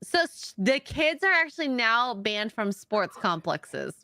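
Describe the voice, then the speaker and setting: A woman's voice: fairly high pitch, very animated, measured pace, pushed and bright, no room sound, clean studio sound. A woman co-hosting a casual chat stream, reading news stories aloud in an easygoing way. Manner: reads articles aloud, easygoing. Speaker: stream co-host.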